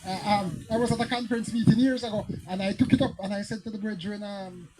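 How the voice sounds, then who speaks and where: With background noise behind him, a Jamaican-accented man preaches and teaches from the Bible at a fast clip, his high voice holding a steady tone. His stories climb until they burst into fiery, emphatic passages.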